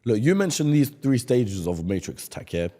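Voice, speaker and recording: A man's voice: medium pitch, sing-song, moderate pace, dark tone, long reverb tail. A man hosting a casual podcast conversation, agreeable, and chiming in with short affirmations. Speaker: podcast host.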